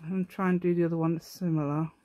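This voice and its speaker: A middle-aged craft channel host speaks fast in a low, level, mellow voice during a casual tutorial. Working as she talks, she thinks aloud, teases herself and breaks into humming little tunes.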